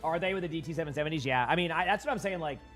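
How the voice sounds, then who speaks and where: Young man, Boston accent, streamer, casual rambling chat, fairly high voice, faint background music. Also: racing, a bit bright. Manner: casual, rambling, chatting with viewers. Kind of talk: live-stream gameplay commentary. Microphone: headset.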